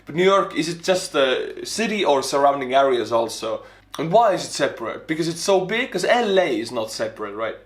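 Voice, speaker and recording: An Estonian man with an Estonian accent, a native Estonian speaker, giving animated, casual reaction commentary in English. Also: fairly high pitch, fairly quick. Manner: animated, exclaiming, laughing. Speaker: YouTuber reacting to a video.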